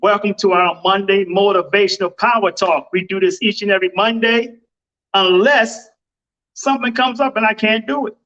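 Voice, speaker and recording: A high-pitched man hosts his own podcast in a loose, emphatic manner and often breaks into exclamations. His talk is casual and motivational. The home recording sounds a little dull and lo-fi. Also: fairly even intonation, normal speed, fairly bright tone. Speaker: podcast host. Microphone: home computer setup microphone.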